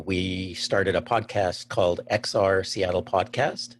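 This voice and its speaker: A man from Canada chatting as a podcast guest, enthusiastic and thinking aloud before he answers. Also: lowish voice. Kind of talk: casual interview chat.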